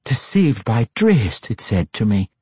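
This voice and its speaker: A cold, imperious female drow matriarch, played by a male audiobook narrator, issues her words with sharp, spiteful authority. The voice carries a husky grain and swings through a wide pitch range. It is recorded close and dry. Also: big pitch swings, measured pace, no echo, exaggerated voice. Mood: hushed. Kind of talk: audiobook character voice.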